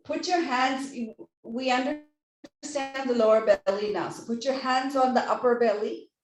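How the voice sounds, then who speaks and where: A woman teaching a yoga class, gently guiding each step and checking in with "right?". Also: sits high, measured pace, reverberant, distant mic. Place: yoga studio.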